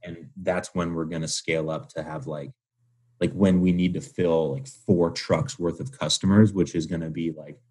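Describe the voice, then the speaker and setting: A twenty-something man, a guest on an interview podcast, speaks at a moderate pace in a low, darkish voice with a breathy edge and fairly even intonation. His talk is loose and casual, thick with fillers like "like," plus little acted-out phone calls.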